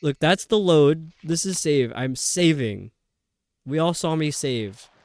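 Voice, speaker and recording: A man's voice: on the high side, expressive, slow pace, a little mellow, no room sound. A man streaming a video game, chatting casually and rambling with lots of fillers. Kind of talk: casual chat while playing a video game.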